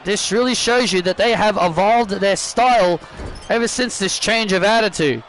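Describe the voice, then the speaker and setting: High-voiced man calling a game excitedly. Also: moderate pace, slight background noise. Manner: frequent restarts and self-corrections, bursts of shouting at big moves. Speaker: YouTuber commentating his own wrestling video game matches. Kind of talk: excitable play-by-play commentary over gameplay.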